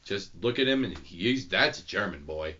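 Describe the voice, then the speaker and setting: A man's voice: low voice, lively intonation, moderate pace, bright, forceful tone. A man co-hosting a casual comedic podcast chat, joking around and laughing often. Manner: joking, laughs often, slips into mock voices. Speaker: podcast co-host. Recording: dull lo-fi audio.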